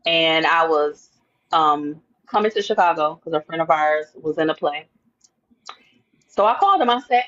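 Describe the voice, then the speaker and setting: A woman telling a lively personal story in an interview, acting out her own thoughts and the other people's words. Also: sits low, moderate pace, long pauses, lo-fi sound. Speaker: interview guest. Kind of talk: animated storytelling.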